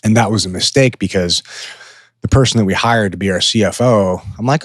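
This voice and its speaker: A man's voice: on the low side, moderate pace, long pauses, dry recording, studio quality. A man in his thirties, co-hosting a podcast, telling a hard business story in a casual, profane way and acting out his own past words. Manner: profane, candid, animated when quoting himself. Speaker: podcast co-host.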